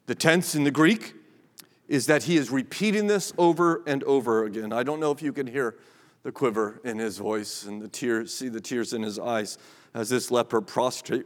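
A man preaching a sermon, impassioned, rising to emphatic peaks and dropping to a hush. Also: a little high, animated, normal speed. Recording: long reverb of a large hall.

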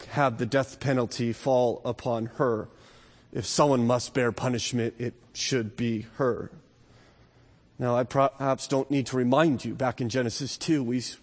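A man preaching a sermon to a congregation, swinging between loud emphatic peaks and low, slow asides, and sometimes muttering quoted excuses. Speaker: pastor. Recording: long reverb of a large hall.

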